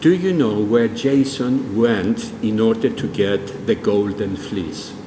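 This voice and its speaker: A man's voice: fairly low pitch, slow pace, warm tone, slight background noise. An older man giving a public presentation, telling stories and putting questions to the audience. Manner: storytelling, quizzes the audience. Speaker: speaker at a public event. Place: large museum hall. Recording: long hall reverb, faint room ambience.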